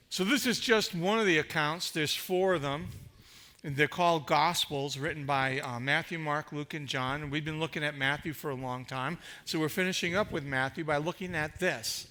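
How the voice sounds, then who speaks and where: Bright high-voiced preaching man. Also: normal speed. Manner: emphatic, rhetorical preaching with repetition. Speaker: pastor. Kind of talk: sermon. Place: church.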